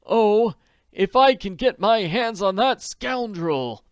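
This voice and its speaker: A man reads an audiobook in a clean, echo-free studio recording, pitching his expressive voice high, above his own natural range, and speaking a little slowly. He voices an ailing, distressed middle-aged man, pleading in an overwrought, distraught manner.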